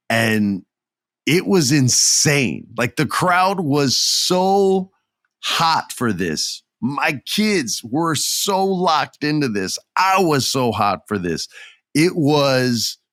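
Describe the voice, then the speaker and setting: A man in his thirties hosting a solo podcast, telling a story excitedly and acting out quotes. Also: on the low side, no echo, clean studio sound. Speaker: podcast host.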